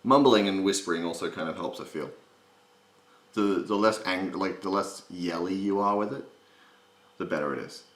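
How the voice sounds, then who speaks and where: A man's voice: low voice, moderate pace, pauses often, a bit bright. A man hosting a voice impression tutorial, rambling and self-mocking in a casual, joking way. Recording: roomy echo.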